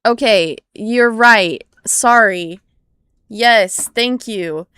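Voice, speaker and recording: Slow-talking young woman chatting on stream. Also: a little high, a bit bright, smooth, no room sound. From United States. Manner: rambling and easily surprised, swears when startled. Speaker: livestreamer. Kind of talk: casual live-stream chat.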